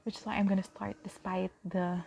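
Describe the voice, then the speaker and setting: A young woman giving a pick-a-card tarot reading to camera, emotional and halting, with many pauses and fillers. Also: mid-range voice, level tone, creaky, darkish tone.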